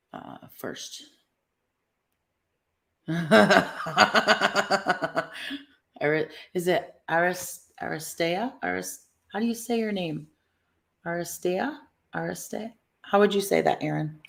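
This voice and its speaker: A middle-aged woman co-hosting a casual live stream, animated and laughing often as she reads viewer comments aloud. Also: lowish voice, gravelly.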